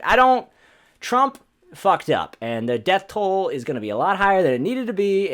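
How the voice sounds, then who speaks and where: A man hosting a comedy podcast alone at home, in a profane, self-deprecating, ranting monologue. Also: fairly high pitch. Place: home apartment.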